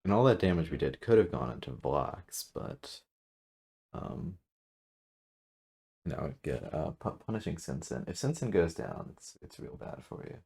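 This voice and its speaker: A man with a very deep, gravelly voice muses over a game at his computer, his delivery sing-song and a little mellow. He speaks casually and haltingly, correcting himself and using fillers. He sits back from his desk mic.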